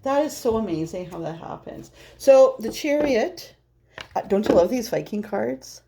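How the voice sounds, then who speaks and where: A woman's voice: fairly high pitch, lively intonation, moderate pace, vocal fry, background noise. A woman doing a casual, rambling tarot reading, chatty and laughing often. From Norwegian heritage. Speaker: tarot reader.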